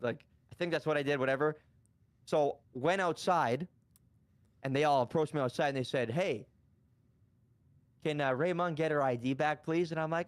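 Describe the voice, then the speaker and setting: A man's voice: a little high, normal speed, pauses often, dry recording. A man telling a story in a casual chat, rambling with many restarts and casual swearing. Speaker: guest streamer.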